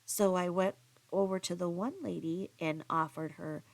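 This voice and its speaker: A woman vlogger talks straight to her viewers in a loose, rambling storytelling monologue. Her voice is low and gravelly, with plenty of vocal fry. She circles back, restarts sentences and drops in side comments as she goes. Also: normal speed, no room sound. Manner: rambling, chatty, with frequent restarts and asides.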